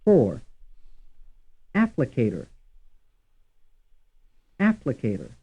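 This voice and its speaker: A man reading a language course drill slowly and deliberately, saying each word twice. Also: mid-range voice, huge pitch swings, breathy edge. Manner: reads words twice, evenly paced. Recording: tinny, phone-like old course audio.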